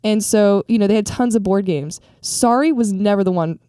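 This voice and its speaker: A woman's voice: mid-range voice, normal speed, warm tone, clear, resonant tone, dry recording, clean studio sound. A young woman co-hosting a podcast, sharing her view in a hesitant, chatty way with trailing thoughts. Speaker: podcast co-host. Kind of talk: casual debate chat.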